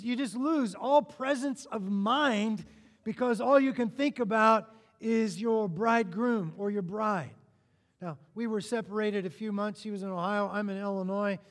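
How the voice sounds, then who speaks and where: A high-voiced man preaches a sermon with lively energy and playful asides to the crowd. His voice rings out with a long reverb, as if he stands in a large hall. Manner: animated, joking asides to the congregation.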